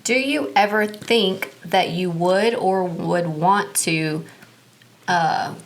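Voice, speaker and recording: A woman's voice: fairly low pitch, takes it slowly. A woman interviewing her friend in a casual podcast chat, playful and teasing, with frequent laughs. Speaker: guest interviewer.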